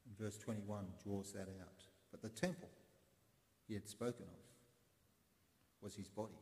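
Preacher in a reverberant church. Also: male voice, on the low side, fairly even intonation, dark tone. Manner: conversational, explanatory preaching with pauses. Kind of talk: sermon. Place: church in Sydney. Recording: echoey church with long reverb.

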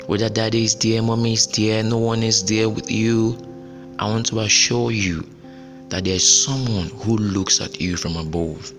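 A man's voice: on the low side, steady tone, normal speed, big-room sound, faint music behind. A man hosting a solo podcast and giving motivational career advice in an emphatic, repetitive, preacher-like way. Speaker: podcast host.

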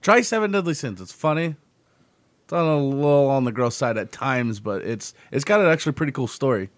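A man's voice: mid-range voice, expressive, a little fast, no echo. A man co-hosting a podcast, casually offering laid-back recommendations. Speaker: podcast co-host. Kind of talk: casual chat.

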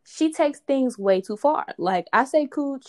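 A young woman co-hosting a podcast, chatting casually and animated, often laughing. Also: sits high, measured pace. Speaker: podcast co-host. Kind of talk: casual chat.

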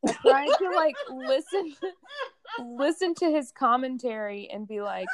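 A woman chatting casually as a co-host, full of "like" and quick laughs. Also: sits high, background noise. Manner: chatty, laughs often, lots of "like". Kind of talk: casual chat.

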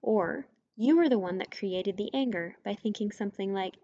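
A woman's voice: mid-range voice, normal speed, mellow, dull audio. Woman coaching listeners, direct and emphatic. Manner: direct, conversational, emphatic on key points. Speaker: podcast host, mindset coach. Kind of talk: scripted solo podcast teaching.

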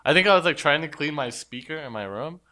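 A man with a bright, forceful voice chatting casually on a podcast. He teases the others and fires off quick questions in an easy, joking way. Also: fairly high pitch, expressive. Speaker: podcast co-host. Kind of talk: casual chat.

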